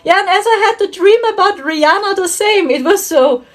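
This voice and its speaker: A woman with a notably high voice talks in a casual, rambling monologue. Her pitch swings widely as she giggles through her story. She keeps an earnest, confiding tone throughout. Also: expressive, a little fast. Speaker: spiritual channel host. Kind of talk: casual monologue about dreams.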